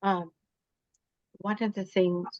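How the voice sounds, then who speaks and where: Woman astrology reader, halting rambly delivery, lo-fi dry recording. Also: mid-range voice, level tone, darkish tone, dry recording. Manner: rambling, halting with many fillers. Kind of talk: spiritual live-stream talk. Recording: dull dry lo-fi sound.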